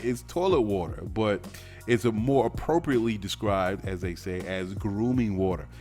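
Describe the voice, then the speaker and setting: A man hosting a casual radio show, rambling and joking with plenty of fillers and restarts. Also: lowish voice. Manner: breaks into silly mock-French voices. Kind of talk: casual podcast monologue.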